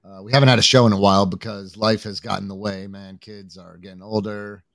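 Low-voiced easygoing man, dry sound. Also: little pitch movement, fast talker, a bit bright, no room sound. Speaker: guest panelist. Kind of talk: casual chat.

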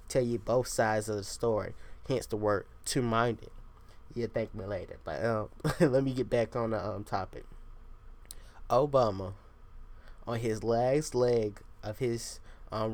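A young man hosting his own podcast, rambling casually with lots of swearing and tangents. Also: lowish voice. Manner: profane, digressive, self-deprecating. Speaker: podcast host.

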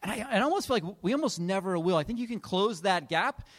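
Higher-voiced man giving a rambling sermon. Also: lively intonation, fast, fairly bright tone. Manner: self-deprecating, rambling storytelling with many restarts. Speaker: pastor. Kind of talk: conversational sermon with personal anecdotes. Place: church.

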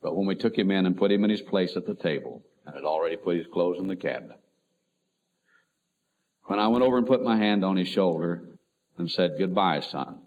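A middle-aged man, a pastor, telling an emotional personal story in a sermon, swinging between loud and soft. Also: deep voice, fairly quick, pauses often. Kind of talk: sermon testimony. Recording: tinny phone-like lo-fi recording.

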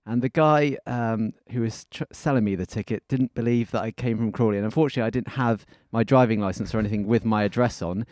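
A man's voice: mid-range voice, quick pace, few pauses, a little mellow, no room sound, clean studio sound. A man co-hosting a casual football podcast, easygoing and self-deprecating, often laughing at himself. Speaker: podcast co-host.

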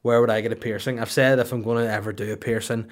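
A young man riffs through a comic podcast monologue, loose and crude. He wanders from bit to bit and keeps breaking into goofy put-on voices. His pitch sits in an ordinary middle range for a man. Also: level tone, fast talker. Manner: rambling, crude, acts out silly voices. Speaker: podcast host.

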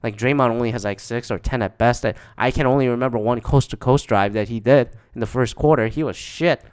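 A man's voice: mid-range voice, a little fast, darkish tone, clear, resonant tone. A man casually recounting games he went to, rambling and swearing, with lots of fillers. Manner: profane, rambling, with frequent fillers.

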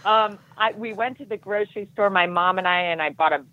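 A woman guest telling a self-deprecating story in casual talk, animated and acting out the voices of others. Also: mid-range voice, brisk, dry recording. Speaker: podcast guest. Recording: muffled dull audio.

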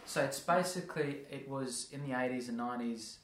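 A podcast host with a medium-pitched voice talks briskly in a casual, rambling chat. He laughs often and puts on playful voices for examples, and the recording has a roomy echo.

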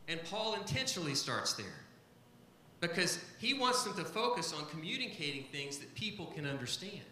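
Bright-voiced man preaching a sermon. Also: high voice, echoey room, poor audio. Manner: emphatic, repeats key phrases. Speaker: pastor.

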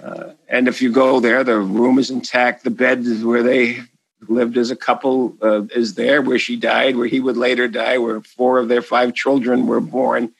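A man's voice: medium pitch, level tone, normal speed, gravelly, dry recording, rough recording. A man with a Boston accent, an author answering an interview question in a rambling, enthusiastic way full of asides and restarts.

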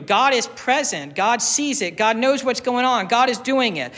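A man preaching a sermon, slow and emphatic, repeating key phrases for weight. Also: high voice, expressive, pushed and bright, long reverb tail. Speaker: pastor.

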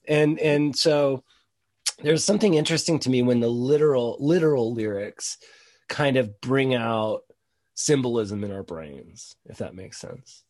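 A man's voice: mid-range voice, measured pace, a little mellow. A man in casual conversation who rambles, laughs often and fills his talk with "you know" and "like".

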